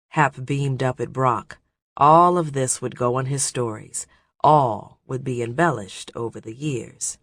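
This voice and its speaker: A man narrating an adventure audiobook in a steady, measured storytelling voice. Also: mid-range voice, no room sound. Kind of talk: scripted narration.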